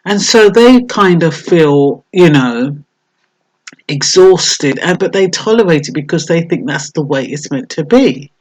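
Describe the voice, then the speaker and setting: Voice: mid-range voice, expressive, measured pace, a little mellow, low-quality recording. A vlogger giving a casual, reflective monologue, thinking aloud with many hesitations and fillers.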